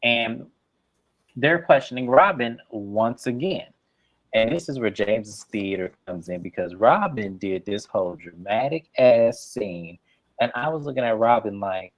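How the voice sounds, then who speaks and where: A man's voice: medium pitch, a little slow, no room sound. A man reviewing a reality show, ranting bluntly with heavy profanity in a casual recap. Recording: dull lo-fi sound.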